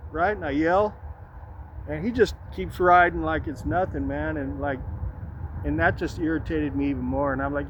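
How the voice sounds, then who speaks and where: A man's voice: a little high, normal speed, muffled recording, a little hiss or hum. A man talking casually on a walk through a city park, rambling through a story and tossing in "man" and "right?" as he goes. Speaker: vlogger. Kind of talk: casual walk-and-talk vlog.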